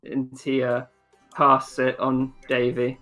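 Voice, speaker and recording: A man's voice: mid-range voice, slow, faint music behind. A man acting as game master in a casual tabletop role-playing session, tallying sums and narrating the scene. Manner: relaxed, tallies sums, narrates shop scenes.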